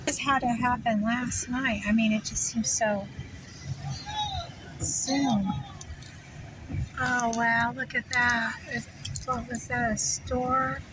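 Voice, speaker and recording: A woman narrating her drive in hushed, shocked exclamations from inside a car. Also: fairly high pitch, level tone, slow, long pauses, recorded from a distance. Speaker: vlogger. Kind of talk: driving commentary. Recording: clear road noise in car. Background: road and vehicle noise.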